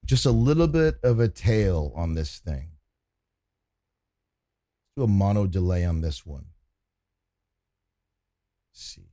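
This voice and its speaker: Laid-back low-voiced man. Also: slow pace, pauses often, no echo. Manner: relaxed, swears freely, talks through each step as he works. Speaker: mixing engineer teaching on a livestream. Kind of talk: casual livestream tutorial.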